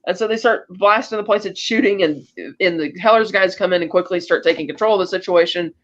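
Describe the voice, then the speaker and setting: A man's voice: sits high, fast talker, lo-fi sound. A man hosting a podcast, chatting casually as he recaps a film scene by scene and acts out the characters' lines. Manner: animated storytelling, acting out lines of dialogue. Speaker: podcast host.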